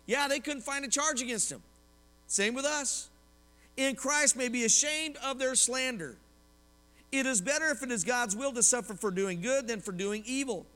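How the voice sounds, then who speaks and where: This sermon comes from an Oklahoma pastor whose high, bright male voice moves at an ordinary speed. Lively in manner, he mixes personal anecdotes with questions for the congregation, all wrapped in long hall reverb.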